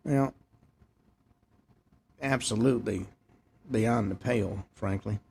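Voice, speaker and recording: A man's voice: fairly low pitch, slow, vocal fry, a little mellow, slightly rough. A man hosting a talk show, reading news headlines and adding short opinionated asides. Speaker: host. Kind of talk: news commentary.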